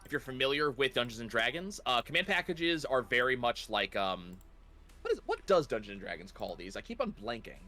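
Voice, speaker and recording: A man's voice: mid-range voice, sing-song, a little fast, bright, forceful tone. A man acting as game master, casually talking players through character creation step by step. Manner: laid-back, explains rules step by step with fillers. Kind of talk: casual tabletop game session.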